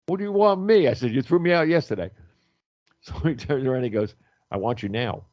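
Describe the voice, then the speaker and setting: Loud, animated storytelling man. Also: medium pitch, brisk, no echo, highs cut off. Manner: loud, animated storyteller who acts out quotes. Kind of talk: casual radio chat.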